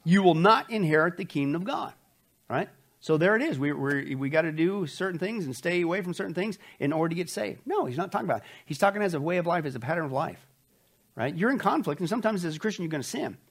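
A man's voice: a little high, animated, quick pace. Emphatic preacher man, folksy, quizzing the room. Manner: emphatic, asks the audience questions and answers them; folksy, says okay often. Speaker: pastor teaching a Bible study. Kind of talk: sermon.

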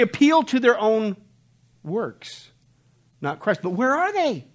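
A man preaching an expository sermon to a church congregation, swinging between loud emphatic outbursts and low hushed warnings. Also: big pitch swings, normal speed, long pauses. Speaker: pastor. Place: church service.

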